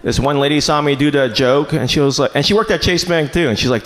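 A man doing a stand-up comedy set in a small club, deadpan and self-mocking, shouting out his punchlines now and then. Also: on the high side, fast, hardly any pauses. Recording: noisy comedy club ambience.

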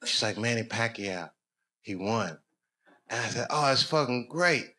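A man doing stand-up at a comedy club rambles through a loose story a little slowly, dropping to low mutters and then surging into loud, excited bursts. The live club recording is noisy.

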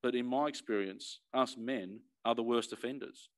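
A man's voice: medium pitch, moderate pace. A middle-aged man with an Australian accent, an emergency services commissioner giving an earnest personal address, emphatic and often repeating words as he restarts.

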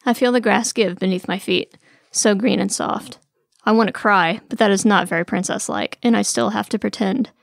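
A woman reads her own first-person story with dry, tired sarcasm and a wry edge, in a medium-pitched voice with gravelly fry. She keeps a normal speed, and the sound is close and dry, with no room around it.

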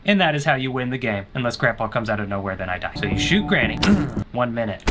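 A man's voice: medium pitch, animated, brisk. A young man commenting on a horror game as he plays, teasing the characters, joking and letting out panicked yelps. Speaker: gaming streamer. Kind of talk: let's-play commentary. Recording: loud game music behind.

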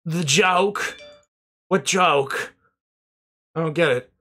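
A man's voice: a little high, very slow, pushed and bright. A young man streaming, rambling casually through thank-yous to his chat and swearing now and then, a little out of breath.

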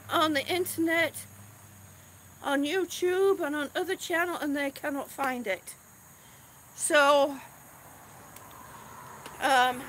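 A woman's voice: sits high, a bit bright, slight background noise. A middle-aged woman vlogging outdoors in casual live-stream chat, chatty and a little exasperated, with sighs. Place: outdoors on grass. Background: crickets and passing cars.

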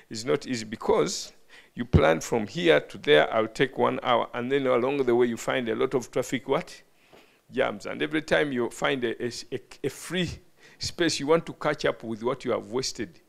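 Gravelly man preaching to a hall. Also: mid-range voice. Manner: calls questions to the audience, stumbles and restarts. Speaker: bishop preaching. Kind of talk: sermon teaching. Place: hall with a live audience.

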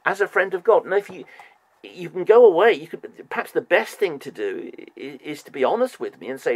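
A man hosting a heated religious debate, insistent and animated, repeatedly pressing for proof and mocking long-winded answers. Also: on the high side, normal speed, no room sound. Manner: mocking repetition. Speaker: show host debating a Jehovah's Witness by phone.

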